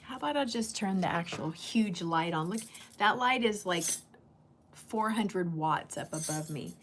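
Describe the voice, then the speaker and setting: A woman's voice: lowish voice, lively intonation, unhurried, fairly bright tone, slight background noise. A woman hosting a casual livestream, chatting bluntly and greeting viewers by name. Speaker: livestream host. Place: indoor room under a bright light.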